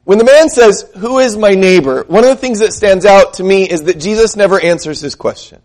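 A man with a fairly high voice delivering a sermon to his congregation. He speaks earnestly, poses questions to his listeners, and drags out the scripture he quotes. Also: darkish tone. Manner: slows down to read scripture aloud. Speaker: pastor.

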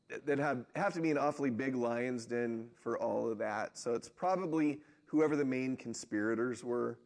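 A man leading a group Bible study, reading scripture aloud and discussing it conversationally, often tagging on questions like "right?". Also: mid-range voice. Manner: conversational, asks rhetorical questions.

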